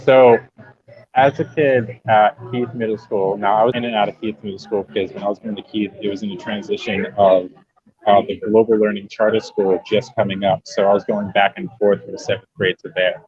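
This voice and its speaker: A young man from Massachusetts, a podcast guest, telling stories in a lively, joking, emphatic way and swearing freely. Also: fairly low pitch, a little fast. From New Bedford, Massachusetts. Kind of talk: casual storytelling chat. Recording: dull lo-fi podcast audio.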